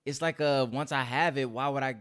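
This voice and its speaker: A man's voice: mid-range voice, fairly even intonation, a little fast, fairly bright tone. Easygoing man co-hosting, agreeable. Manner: agreeable, chimes in with short replies. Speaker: podcast co-host. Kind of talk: casual chat.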